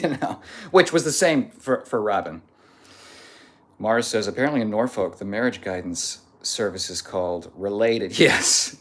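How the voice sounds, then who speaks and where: A man's voice: on the low side, a little hiss or hum. A man live-streaming, reading chat comments aloud in a jokey, casual way and sometimes sliding into a mock Southern drawl.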